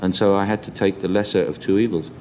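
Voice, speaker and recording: A man with a Cockney accent, reflecting in an interview and pausing with many ums. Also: sits low, fairly even intonation, darkish tone, a little hiss or hum. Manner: hesitant, many ums and restarts. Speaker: interview guest.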